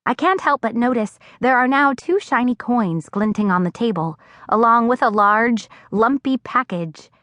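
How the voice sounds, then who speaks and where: A woman narrating a first-person audiobook in an expressive storytelling voice, recorded on a close studio mic. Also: a little high, moderate pace, dry recording. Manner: expressive, acting out dialogue.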